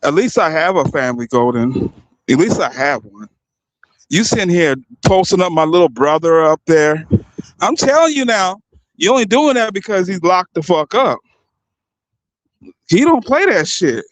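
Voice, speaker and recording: A man's voice: high voice, sing-song, moderate pace, pauses often, dry recording, poor audio. A young man delivering a heated, profane and mocking rant as a streamer. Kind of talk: heated ranting commentary.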